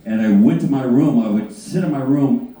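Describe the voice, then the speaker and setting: Man telling an animated story in an echoey room. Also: mid-range voice. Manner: animated, profane, halting restarts. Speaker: guitarist panel guest. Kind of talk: anecdote storytelling. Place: panel on a cruise ship. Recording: distant mic, very echoey room.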